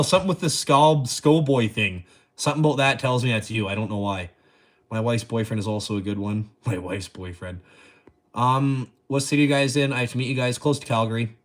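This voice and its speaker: A man hosts a loose livestream chat at an everyday middle pitch. He jokes crudely, laughs a lot and reads out viewer comments as they come in. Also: a bit bright. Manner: joking, crude, laughs often. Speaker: livestream host.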